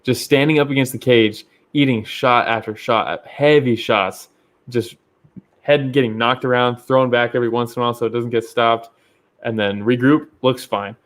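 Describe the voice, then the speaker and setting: A man's voice: mid-range voice, steady tone, moderate pace. A man co-hosting a fight podcast, talking in casual chat, swearing freely and agreeing with enthusiasm. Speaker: podcast co-host.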